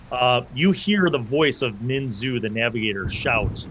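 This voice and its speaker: A man's voice: mid-range voice, normal speed, few pauses, a bit bright, slight background noise. A man narrating as game master of a tabletop game, rambling with lots of fillers and restarts.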